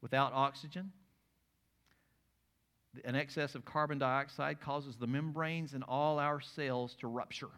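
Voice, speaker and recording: A male pastor preaching a sermon, reading scripture aloud and swinging between hushed, slow passages and loud, ringing calls. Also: medium pitch, steady tone. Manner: dramatic, shifts from hushed to loud.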